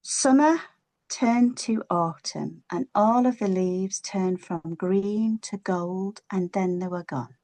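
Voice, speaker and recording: Expressive woman telling a children's story. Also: medium pitch. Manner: expressive, playful, drawn-out words.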